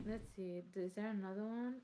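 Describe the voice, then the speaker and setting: A woman's voice: medium pitch, fairly even intonation, moderate pace, dark tone. A British woman co-hosting a podcast, chatting casually and reading out a ranked list with giggles. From Britain. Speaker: podcast co-host. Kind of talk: casual chat.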